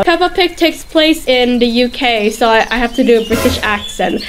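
A woman's voice: fairly high pitch, animated, moderate pace, few pauses, a little hiss or hum. A woman casually commentating a children's video game, chatty and joking, laughing often. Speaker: gaming host. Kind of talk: casual let's-play commentary. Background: game music.

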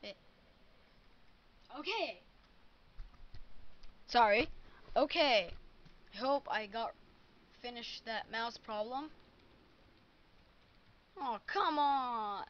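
A woman's voice: fairly high pitch, animated, slow, pauses often, a bit bright, dull audio. A woman recording live gameplay commentary at her computer, muttering frustrated complaints. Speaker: gamer recording a let's play.

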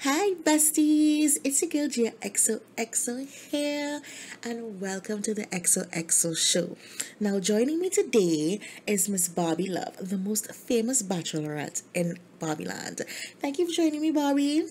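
A woman's voice: on the high side, expressive, a little slow, a little mellow, slight background noise. A woman voicing a bubbly female celebrity talk-show host who gushes at her guest, in a voiced game role-play. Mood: gushing. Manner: gushing, playful interviewer.

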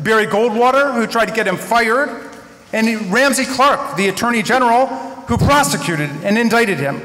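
Man, 50s, eulogist with earnest, wryly humorous storytelling, high voice, podium mic in a big reverberant hall. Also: pushed and bright. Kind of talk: memorial tribute speech. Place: large synagogue hall. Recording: echoey hall with long reverb.

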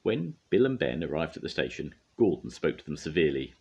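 An older man, a grandfather, reading a children's storybook aloud in a gentle, expressive way. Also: extremely low pitch, fairly quick, husky, dull audio.

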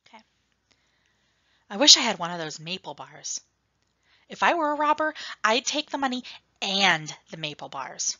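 A woman reading a novel aloud in an expressive first-person storytelling voice. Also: fairly low pitch, moderate pace, no echo, lo-fi sound. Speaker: reader.

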